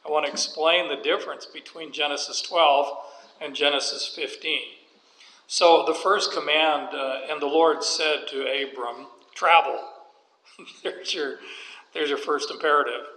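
A man's voice: a little high, fairly even intonation, a little slow, sharp tone. A man preaching a sermon, walking through scripture with folksy, joking asides. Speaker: pastor. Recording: echoey hall with long reverb.

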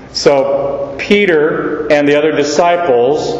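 Slow, deliberate male preacher in echoey hall. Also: a little high. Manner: slow, deliberate teaching with emphatic repeated quotes. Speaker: pastor. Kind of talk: expository sermon. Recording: echoey hall, dull lo-fi sound.

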